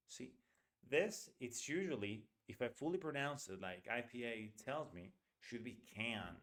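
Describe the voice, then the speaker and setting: A man's voice: mid-range voice, expressive, a bit bright. Man teaching English pronunciation. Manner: demonstrates reduced pronunciation by repeating phrases; slows down to spell out sounds. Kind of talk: online English lesson, reading aloud and explaining.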